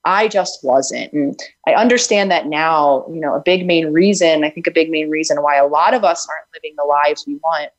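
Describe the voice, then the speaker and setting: A woman who is a self-healing author appears as a guest in a conversational interview, earnest and reflective, using many fillers as she tells her story. Her voice is deep with a moderate pace, on a muffled recording.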